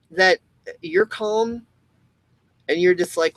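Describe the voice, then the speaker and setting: A video host talks to camera in a casual, rambling monologue, restarting often, swearing freely and acting out the people he quotes. His high-pitched voice is animated, slow and fairly bright, broken by frequent pauses, and the recording quality is low.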